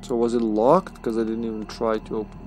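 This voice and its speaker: This game streamer's voice sits on the low side, level and a little mellow, with a brisk delivery. His commentary stays casual and playful, and he frequently laughs at himself.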